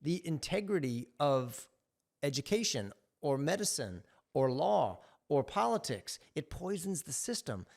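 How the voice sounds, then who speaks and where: A man's voice: fairly high pitch, big pitch swings, a little slow, vocal fry, a little mellow. A man talking earnestly and with passion as a guest on a podcast. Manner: earnest, impassioned. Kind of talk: casual conversation.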